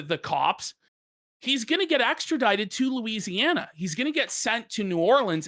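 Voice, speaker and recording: A woman's voice: medium pitch, fairly bright tone. A woman hosting a live stream, telling a story in casual commentary, laughing and swearing as she goes. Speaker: streamer host.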